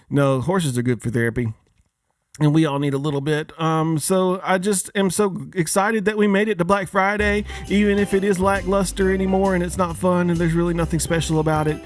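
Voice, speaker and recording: A man's voice: a little high, no room sound, studio quality. Joking man ranting to his listeners. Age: adult, father of young kids. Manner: joking, asks the audience many questions. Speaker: podcast host. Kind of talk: casual holiday rant.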